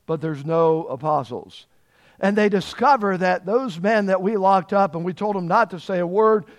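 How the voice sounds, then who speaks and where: A male preacher with a notably high voice delivers a sermon. He stretches out the words he wants to land and keeps checking in with his listeners through questions. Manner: emphatic, drawn-out stresses on key words; asks the congregation questions.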